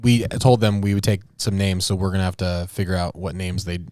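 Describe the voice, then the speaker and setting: A man's voice: deep voice, steady tone, a little fast, a little mellow, dry recording. A man co-hosting a podcast in casual chat, rambling and laughing easily. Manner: rambling, trails off and restarts often, laughs easily. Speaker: podcast co-host.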